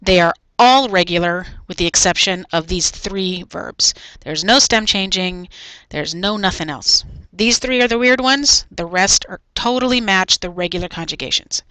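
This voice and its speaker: A woman's voice: lowish voice, normal speed, sharp tone, no room sound, rough recording. A woman teacher talking through a recorded video lesson, saying each point in Spanish and then again in English.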